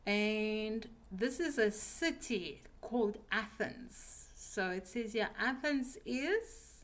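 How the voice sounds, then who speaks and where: Slow, patient woman teaching English. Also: medium pitch, animated. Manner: patient, slow, checks understanding with frequent "right?". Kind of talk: beginner English lesson.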